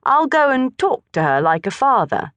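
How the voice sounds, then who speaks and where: A woman voicing a clever, smooth-talking English schoolboy who sounds earnest and overly polite. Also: sits high, big pitch swings, moderate pace, fairly bright tone, no echo, pitched above the performer's own voice. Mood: scheming.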